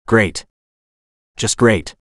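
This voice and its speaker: A man's voice: drawn-out words, no echo, studio quality. A man voicing a tough young female pilot who talks in a curt, blunt way and swears under pressure. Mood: tense.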